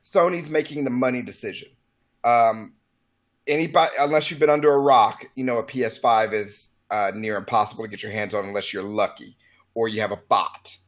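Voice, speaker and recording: A man's voice: fairly low pitch, a little fast. A man co-hosting a casual video game podcast, giving opinionated takes with wry asides. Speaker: podcast co-host. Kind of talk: casual gaming news chat.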